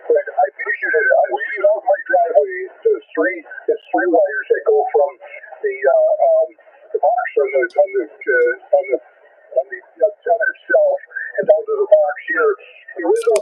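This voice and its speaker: A man calling in over the radio, easygoing and rambling as he chats. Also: extremely high pitch. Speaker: radio caller. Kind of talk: casual radio chat. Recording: tinny radio transmission.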